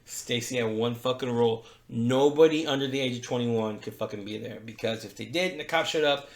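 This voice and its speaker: A man's voice: medium pitch, a little fast. Profane storytelling man in echoey room. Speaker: podcast co-host. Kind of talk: casual storytelling. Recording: roomy echo.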